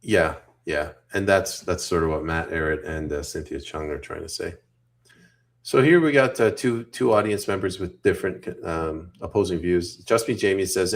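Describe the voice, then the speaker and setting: Man, from Canada, podcast co-host, casual, jokey, laughs a lot, very low voice. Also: moderate pace. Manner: joking, laughs often, reads chat aloud. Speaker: podcast co-host reading audience comments. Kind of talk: casual political chat.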